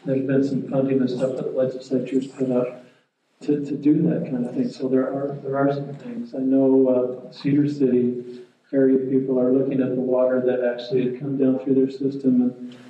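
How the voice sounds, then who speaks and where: A man explaining water policy at a public meeting in a plain, measured way, with many restarts. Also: medium pitch, completely flat delivery. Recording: roomy, distant, muffled, faint noise.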